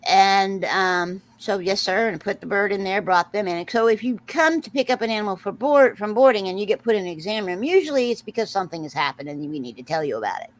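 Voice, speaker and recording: A middle-aged woman hosting a casual chat, telling a story with lively acted-out quotes and frequent laughter. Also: medium pitch, quick pace, hardly any pauses, low-quality recording. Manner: animated storyteller, acts out quotes, laughs often. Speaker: host.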